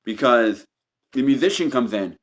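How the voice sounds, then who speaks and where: At a moderate pace, an animated man with a mid-range voice delivers a tarot reading with no script. He speaks to the listener directly as "you," his phrasing repetitive and meandering with many restarts.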